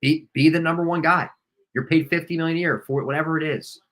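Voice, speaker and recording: Man, bright voice, blunt and cursing, casual watch party chat. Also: a little high, steady tone, quick pace. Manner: blunt and frustrated, swears freely. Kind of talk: casual live game chat.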